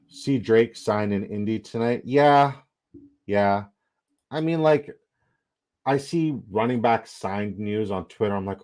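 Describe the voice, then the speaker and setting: Young male streamer, lowish voice, casual excitable commentary, salty language. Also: takes it slowly, long pauses. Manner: excitable, rambling, profane. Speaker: livestream host.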